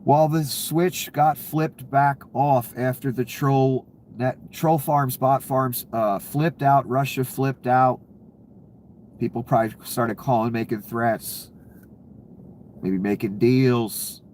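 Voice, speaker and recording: A man's voice: mid-range voice, steady tone, slow pace, darkish tone, slight background noise. Sarcastic ranting man. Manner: ranting, sarcastic, laughs at his own jokes. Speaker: political commentator. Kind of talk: casual profane commentary.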